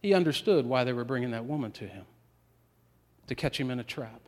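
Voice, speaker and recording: A man preaching a sermon as a pastor, building with swells of emphasis and dramatic pauses. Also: medium pitch, animated, a little mellow. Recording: long reverb of a large hall.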